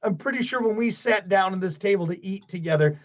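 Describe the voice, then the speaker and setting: A man with a high voice hosts a morning radio show from a studio mic, bantering in an animated, jokey way. He swings between loud bursts and soft asides. The sound is a bit muffled and dull, like slightly lo-fi radio audio. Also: brisk.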